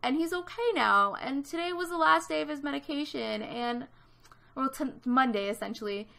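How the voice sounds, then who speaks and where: A woman's voice: sits high, lively intonation, normal speed, vocal fry, bright, forceful tone. A woman in her twenties from Canada, telling a story in casual chat over a gaming video, with lots of fillers. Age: 20s. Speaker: gaming vlogger.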